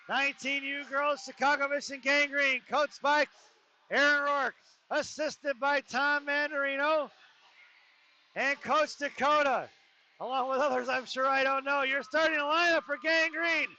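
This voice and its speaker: A man calling a youth hockey game live in an ice arena, rapid play calling with joking asides. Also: extremely high pitch, pushed and bright. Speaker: play-by-play announcer. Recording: dull lo-fi arena stream with faint noise.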